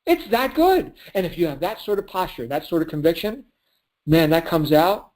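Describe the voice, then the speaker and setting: A man giving a motivational pep talk on a call speaks fairly quickly in a fairly high, slightly mellow voice. As a sales speaker he's punchy and preachy, often laughing and answering the questions he raises.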